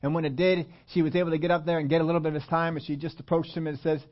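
A man's voice: on the high side, flat delivery, rapid-fire. A man preaching, telling a story in a chatty way, often quizzing his audience and restarting his sentences. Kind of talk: storytelling sermon. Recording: dull lo-fi recording.

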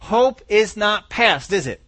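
A man preaching with a high, ringing voice, recorded dry and close. He presses his points by repeating them and acting out the voices of doubters. Scripture quotes land with slow, heavy emphasis. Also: sing-song, fairly bright tone, no room sound. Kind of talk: sermon.

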